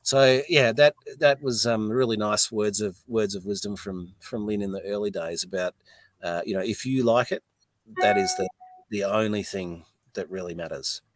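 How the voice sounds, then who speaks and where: A man's voice: on the low side, normal speed. An Australian man, a distillery owner, telling frank and profane anecdotes in a casual podcast chat, a little tipsy from whiskey.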